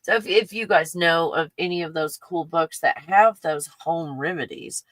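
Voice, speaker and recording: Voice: mid-range voice, moderate pace, fairly bright tone, no echo, rough recording. A livestream host at home, chatting in a scattered, casual way, laughing often and talking to a puppy between thoughts. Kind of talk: casual rambling livestream chat.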